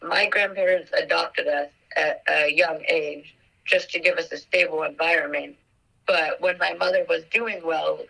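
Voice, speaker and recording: A young woman telling a personal story in an interview, emotional and halting with many fillers. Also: lowish voice, gravelly, pushed and bright, far from the mic, rough recording. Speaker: guest, victim's daughter.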